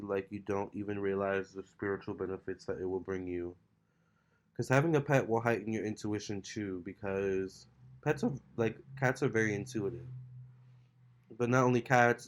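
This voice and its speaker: A man who reads tarot, talking casually at home with loose fillers, recorded on a laptop or camera mic. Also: lowish voice. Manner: relaxed, loose, full of "like" and "you know". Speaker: tarot reader and vlogger. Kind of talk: casual vlog talk. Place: his home, with a cat nearby.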